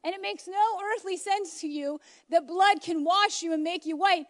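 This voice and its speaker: High-voiced passionate woman preaching. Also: moderate pace. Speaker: homeschool mom preaching. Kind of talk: informal sermon. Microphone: phone.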